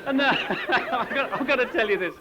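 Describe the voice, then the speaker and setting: A man doing a stand-up comedy routine in quick jokey patter, with asides to the audience. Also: extremely high pitch. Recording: live club recording with loud crowd laughter and noise. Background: audience laughing.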